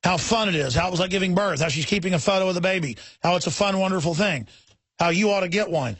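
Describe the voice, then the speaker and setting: A man with a high-pitched voice hosts a heated talk radio show. He talks forcefully and indignantly, piling up repeated words and quick restarts. The sound is close and dry. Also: slightly rough, no echo.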